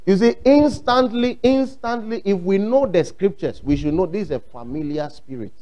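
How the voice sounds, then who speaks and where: Emphatic Ghanaian pastor preaching. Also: male voice, sits high, moderate pace, mellow, muffled recording. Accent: Ghanaian English. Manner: emphatic, repeats phrases, acts out quotes. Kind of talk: sermon.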